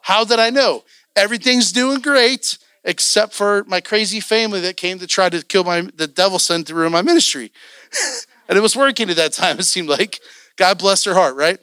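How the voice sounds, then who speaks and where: A man preaching to a congregation, his voice pitched high and bright. He tells a personal story in a lively way and acts out his own past outbursts. The sound is close and dry, with no room around it. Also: normal speed, clear, resonant tone, no room sound. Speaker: church elder preaching.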